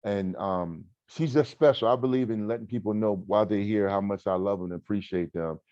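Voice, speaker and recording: Man, 40s podcast co-host; low voice, animated emphatic storyteller, dull dry lo-fi sound. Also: brisk, dry recording. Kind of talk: casual podcast chat.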